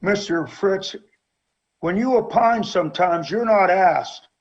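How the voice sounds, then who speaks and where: This is a man with a notably high voice, heard as a council member pressing insistently for answers. The recording sounds dull and lo-fi. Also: slow, husky. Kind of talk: council meeting debate.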